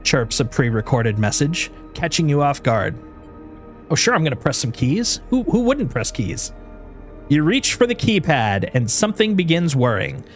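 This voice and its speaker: A man's voice: fairly high pitch, very animated, normal speed, faint music behind. Man narrating a game with playful asides. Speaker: streamer. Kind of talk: reading a narrative game aloud.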